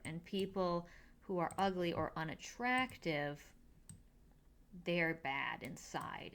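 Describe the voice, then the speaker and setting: A young woman casually recapping a TV episode with dry sarcasm, tossing off quick mock quotes of the characters. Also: fairly low pitch, a bit bright. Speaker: podcast host recapping a TV episode.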